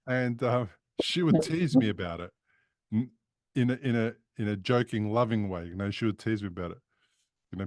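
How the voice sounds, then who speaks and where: Low, dry male interview guest, candid and emphatic, conversational. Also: normal speed, a little mellow, no room sound. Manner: open, frank and emphatic. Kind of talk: casual conversation.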